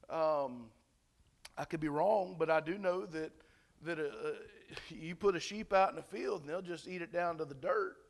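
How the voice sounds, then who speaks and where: Here a male pastor speaks on the high side, unhurried and creaky, pausing often. The sermon wanders conversationally with many fillers and restarts, and he poses questions to the congregation.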